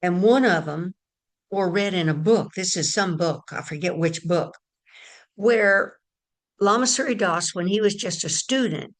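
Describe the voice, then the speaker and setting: A woman's voice: on the low side, unhurried. A woman giving a casual spiritual talk, telling a story in a chatty way and addressing her listeners directly. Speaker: spiritual teacher.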